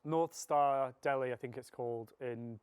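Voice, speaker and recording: A man's voice: mid-range voice, unhurried, smooth, dry recording. A man co-hosting a podcast, talking in an enthusiastic, rambling way with lots of fillers. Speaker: podcast co-host. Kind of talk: casual chat.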